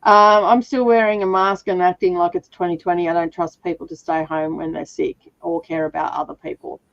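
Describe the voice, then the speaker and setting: Slightly hoarse from a sore throat, a woman leads a livestream reading sprint, laughing a lot in casual chat. She speaks on the low side, a little fast and flat, and the audio is dull with no room sound.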